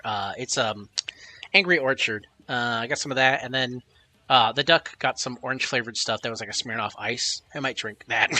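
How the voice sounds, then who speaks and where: A man's voice: mid-range voice, sharp tone. A man streaming live, chatting casually and rambling with lots of swearing while reading chat messages aloud.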